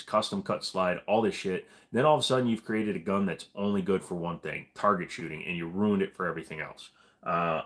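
A man's voice: low-pitched, a bit bright. A man hosting a live stream, answering viewer questions in a blunt, profane, casual way.

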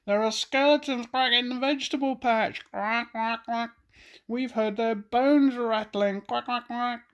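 A man voicing a flock of panicky ducks in a storybook reading, talking in a high squawky voice broken up by quacks. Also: fairly even intonation, unhurried, smooth, lo-fi sound.

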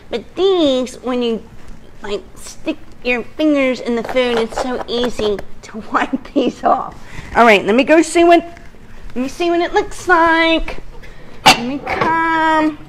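A middle-aged woman hosting a home cooking video from her kitchen, chatty and excitable with frequent ums and giggles. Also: fairly high pitch, a little hiss or hum. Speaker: home cooking show host. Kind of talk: casual cooking chat.

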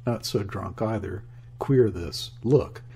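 A man voices a stern, impatient naval officer who gives curt orders and loses patience fast. The voice is low, mellow and a little husky. It is an audiobook character voice. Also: exaggerated voice. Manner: curt, commanding.

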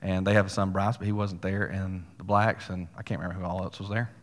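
A man's voice: deep voice, little pitch movement, quick pace. A male pastor preaching a sermon, telling a story in a folksy way with casual asides to the congregation. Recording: long hall reverb.

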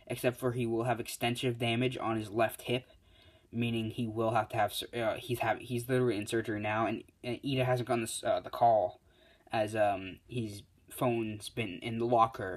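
Rambling man retelling a story. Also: mid-range voice. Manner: rambling, full of fillers and self-corrections. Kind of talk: casual retelling of a fan-made story.

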